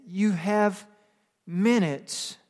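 A man preaching a sermon as pastor, moving between quiet conversational asides and emphatic, rising passages. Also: high voice, extremely slow. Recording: long hall reverb.

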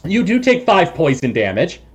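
A man's voice: a little high, wildly swooping pitch, normal speed, slightly rough. A man running a tabletop game as game master, describing the scene with frequent chuckles and filler words. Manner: chuckles often, many ums and restarts.

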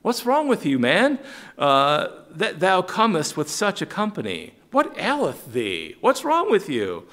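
A man's voice: high voice, wildly swooping pitch, measured pace, fairly bright tone, voice pushed up, heavily acted. A man voicing a band of raiders who brush off and threaten a victim in casual slang while retelling scripture. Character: menacing band of male raiders, brusque.

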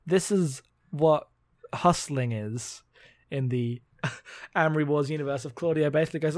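A man's voice: a little high, no echo. A man co-hosting a casual podcast, chatting and laughing as he recaps a comic book. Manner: chatty, laughing, reads lines in quick voices. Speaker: podcast co-host.

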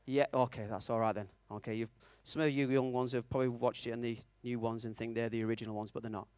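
A man's voice: mid-range voice, level tone, quick pace, darkish tone, smooth, no room sound. A man preaching a conversational sermon, telling a story and checking in with his audience, with a self-mocking manner.

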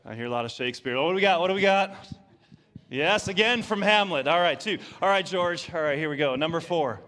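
Energetic male preacher, higher pitch, playful sermon delivery. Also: a little fast. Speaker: pastor. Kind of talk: sermon with audience game.

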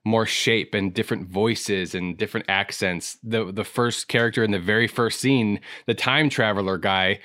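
A man's voice: fairly low pitch, fairly bright tone, no room sound, studio quality. A man hosting an improv podcast in casual chat, talking in a chatty, reflective and self-teasing way.

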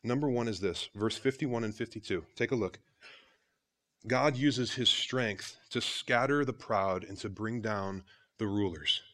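A man's voice: on the low side, a little slow, sharp tone. Guy pastor in his 30s preaching, chatty, talks right to the congregation. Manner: conversational preaching, addresses congregation as guys. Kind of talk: sermon.

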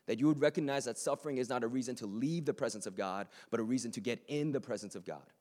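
A man's voice: medium pitch, quick pace, a little mellow. A man preaching a sermon to a live room, earnest and conversational, with joking asides to the audience.

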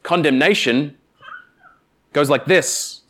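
A man preaching a sermon, speaking emphatically with deliberate pauses and addressing the congregation directly. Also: on the high side, animated, fairly bright tone. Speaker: pastor.

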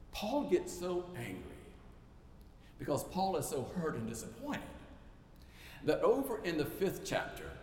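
A male pastor preaching a sermon with emphatic, repetitive rhetorical build-ups. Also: fairly high pitch. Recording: echoey church hall, faint noise.

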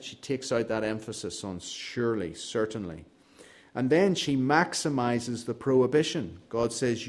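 Guy preaching, earnest and emphatic, mid pitch, dry jokes. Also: a little mellow. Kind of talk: expository sermon.

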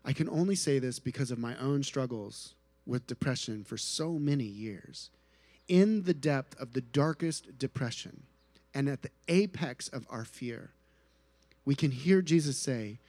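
A man preaching a sermon at an outdoor tent gathering, earnest, moving between soft hushed passages and rising emphatic ones. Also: mid-range voice, animated, a little slow, dry recording. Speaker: pastor.

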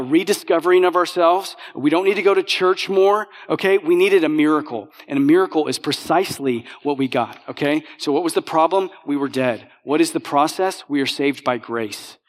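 A man's voice: on the high side, brisk, hardly any pauses. A pastor preaching a sermon in a conversational way, often checking in with his audience. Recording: long hall reverb.

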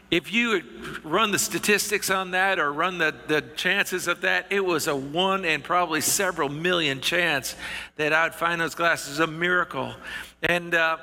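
A man's voice: fairly high pitch, bright, forceful tone. A middle-aged man preaching and telling a personal story in a folksy, earnest way, often restarting his words. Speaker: pastor. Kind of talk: storytelling sermon. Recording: long reverb of a hall.

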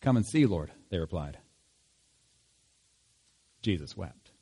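A man's voice: deep voice, very animated, takes it slowly, dark tone, slightly rough. A man preaching a sermon in a conversational tone, asking rhetorical questions. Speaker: pastor.

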